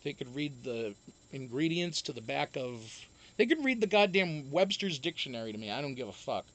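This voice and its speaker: A man's voice: medium pitch, big pitch swings, moderate pace. A man chatting casually on a live stream, reading viewer comments aloud and answering them in a rambling, profane way, with many restarts. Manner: reads and answers viewer chat.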